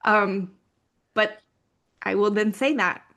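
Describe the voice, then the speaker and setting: A woman coach speaks in a candid podcast conversation with a mid-range voice. She talks openly about personal experience, now and then breaking into a soft laugh. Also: medium pitch, fairly even intonation, takes it slowly.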